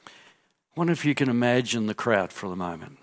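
A man preaching a sermon, telling a story vividly and dropping into quiet asides as he acts out the crowd. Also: medium pitch, lively intonation, fairly quick. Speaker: pastor.

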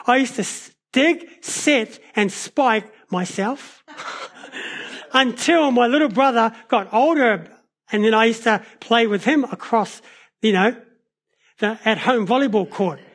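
A man preaches a sermon in a notably high voice. He tells stories in an animated way, shifting his pace and loudness as he goes. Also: slow. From New Zealand. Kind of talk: sermon with personal storytelling.

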